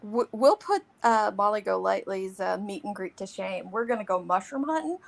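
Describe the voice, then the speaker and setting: A woman's voice: medium pitch, animated, moderate pace, vocal fry. A woman chatting and joking as a guest on a casual livestream. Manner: giggly, joking. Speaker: panel guest.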